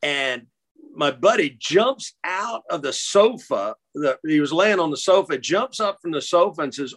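A middle-aged man with a voice pitched a little above the usual, talking casually and reminiscing. He stumbles and restarts often and repeats words as he searches for the thread. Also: animated, unhurried, a bit bright. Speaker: interview guest. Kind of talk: casual storytelling.

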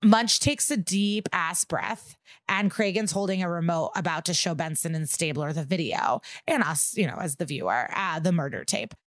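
A woman co-hosting a podcast, recapping an episode in casual, animated chat and swearing freely. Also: lowish voice, normal speed, no echo, clean studio sound. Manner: animated, swearing, acts out quotes. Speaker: podcast co-host.

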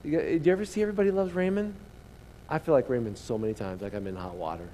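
A male pastor preaches with a fairly high voice and animated, storytelling energy. He calls out to his congregation. His words ring through a church sanctuary that has a long echo. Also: racing, a little hiss or hum. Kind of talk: sermon. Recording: long hall reverb.

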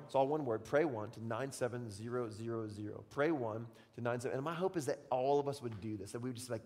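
A man preaching in a church sanctuary with a mid-range voice, the words ringing out in a long hall reverb. He tells the story dramatically, swinging from quiet, intimate moments to loud, excited bursts. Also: medium pitch, fast, hardly any pauses. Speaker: pastor. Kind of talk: sermon.

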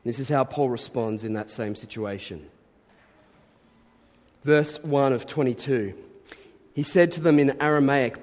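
A man's voice: a little high, measured pace, a little mellow, in a large hall. A man preaching a sermon as a pastor, conversational and earnest, building to emphatic bursts.

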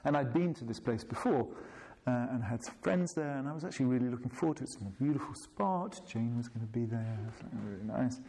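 A man's voice: mid-range voice, lively intonation, quick pace, few pauses, dark tone, a little hiss or hum. A man telling a reflective personal story in a wry, self-deprecating way, laughing at himself.

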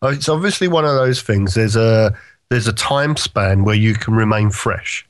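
A man's voice: on the low side, moderate pace. Opinionated man chatting. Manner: opinionated, talks in long stretches with "right?" checks. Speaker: podcast co-host. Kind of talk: casual chat.

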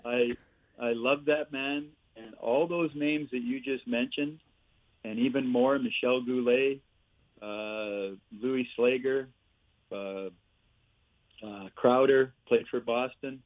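An older man, a former hockey player and coach, telling lively stories as a podcast guest over a remote line. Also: medium pitch, takes it slowly. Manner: lively storyteller, chuckles through punchlines. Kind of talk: casual anecdote-telling. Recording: tinny phone line, dry.

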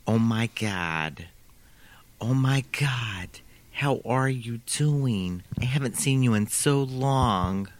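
A man's voice: medium pitch, wildly swooping pitch, a little slow, few pauses, darkish tone, a little hiss or hum. A man imitating a New York flight attendant. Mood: gushing. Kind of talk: comic impression in casual chat.

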